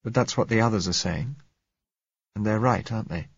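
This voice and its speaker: A man reading the part of a quiet young woman under twenty, speaking a little unsteadily. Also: on the low side, normal speed, vocal fry, husky, no echo, voice pushed up. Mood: pleading softly. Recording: dull lo-fi recording.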